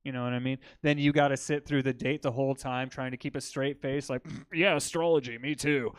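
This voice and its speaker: A man doing a stand-up comedy set in a comedy club, telling crude jokes with deadpan delivery and bantering with the crowd. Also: mid-range voice, brisk, clear, resonant tone, no echo.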